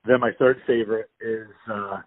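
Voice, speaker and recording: A man with a somewhat low voice chats eagerly over a phone line, rambling and restarting his sentences. The sound is dry and thin, like a tinny phone call. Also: fairly even intonation, moderate pace, dry recording. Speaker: podcast host. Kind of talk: casual phone chat.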